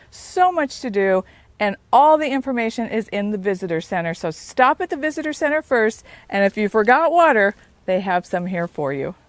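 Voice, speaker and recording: A woman hosting a travel show, talking upbeat and enthusiastic on location outdoors. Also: a little high.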